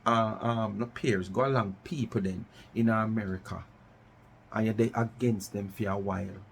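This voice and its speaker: Gravelly Jamaican man ranting. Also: on the low side, steady tone, moderate pace, slight background noise. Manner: challenging, repeats rhetorical questions, mixes patois. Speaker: vlogger. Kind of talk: ranting commentary.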